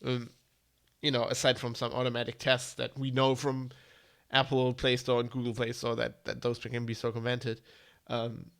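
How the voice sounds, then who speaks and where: A man's voice: mid-range voice, completely flat delivery, normal speed, fairly bright tone. A man with a German accent, congested from hay fever, giving a rambling, blunt tech news commentary on a live stream. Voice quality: gravelly. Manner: rambling, blunt, with frequent ums and restarts.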